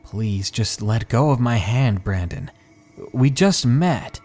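A man voicing a frightened young woman who pleads in a strained, hushed way, in a horror story narration. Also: medium pitch, lively intonation, slow pace, soft background music. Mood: pleading. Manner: pleading, strained, trying to stay quiet.

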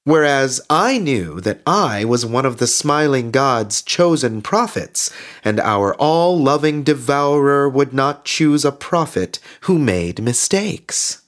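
An actor playing a cheerfully devout male radio host who delivers grim news in a bright, chatty way. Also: mid-range voice, sing-song, takes it slowly. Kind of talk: scripted radio drama narration. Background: faint guitar music.

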